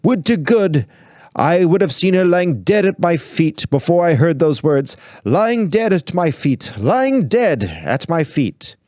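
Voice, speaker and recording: A man's voice: on the high side, sing-song, unhurried, hardly any pauses, a little mellow, dry recording, pitched above the performer's own voice. A man reading aloud and voicing a self-pitying, theatrical male phantom who speaks in a choking, declamatory way. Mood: melodramatic despair.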